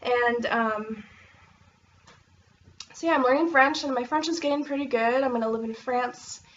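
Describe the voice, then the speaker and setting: A woman's voice: a little high, normal speed, fairly bright tone, far from the mic, highs cut off, slight background noise. A young American woman from Oregon chatting casually to camera, rambling with lots of fillers and bubbly bursts. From Oregon, USA. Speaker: vlogger.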